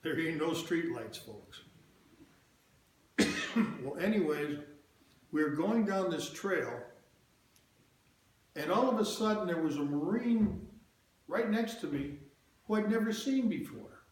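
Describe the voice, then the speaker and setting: An older man with a fairly high, animated voice tells a congregation a personal story in a very echoey church hall with faint ambience. He speaks slowly with frequent pauses, in a folksy, plain-spoken way, adding asides to the audience.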